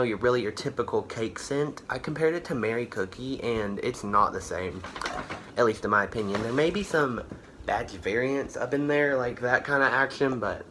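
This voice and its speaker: A man's voice: mid-range voice, pushed and bright, slight background noise. A man chatting casually through a candle haul, rambling with lots of fillers and self-corrections, a bit tired and out of breath. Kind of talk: casual product review chat.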